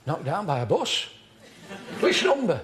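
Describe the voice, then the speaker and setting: In this character comedy set taped in a TV studio with a live audience laughing, a male actor plays an earnest, middle-aged amateur drama teacher who is fussy, pedantic and full of himself. His high, exaggerated voice moves a little slowly as he instructs deadpan, with slight background noise.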